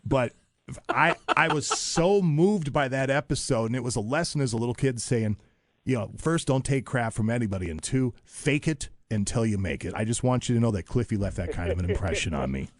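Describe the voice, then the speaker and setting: A man hosting a morning radio show with a slightly low voice, talking in a loose, jokey, rambling way. He is recorded dry and close in a radio studio, with no room sound. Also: expressive, darkish tone, dry recording. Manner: jokey, rambling, quick asides. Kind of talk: casual radio chat.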